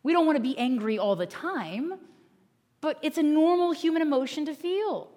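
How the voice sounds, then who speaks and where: A woman's voice: high-pitched, lively intonation, normal speed, dark tone. A woman pastor giving a sermon in an earnest, conversational way.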